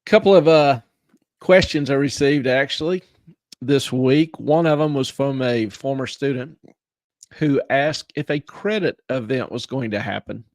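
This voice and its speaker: A male host with a gravelly edge to his voice talks through finance on a live stream, sounding dry and close to the mic. He teases his co-host with deadpan humour, then slows down to explain terms carefully. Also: medium pitch, no room sound. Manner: dry, teasing banter, then slow explaining.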